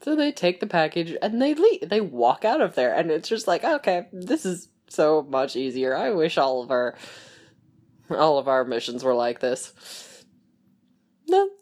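Young woman, low, very expressive pitch, rambling fan chat, slips into quick voices for quoted lines. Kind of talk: casual fan chat about a TV show.

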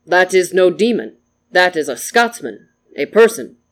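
A storyteller voicing a calm, mournful samurai man who speaks softly and formally. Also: mid-range voice. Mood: solemn. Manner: soft, formal, measured speech.

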